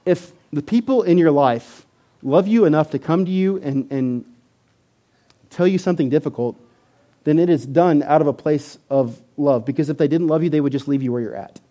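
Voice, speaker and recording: A man preaching a sermon as pastor, animated and emphatic, building at times to near-shouting. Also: on the high side, normal speed, muffled recording.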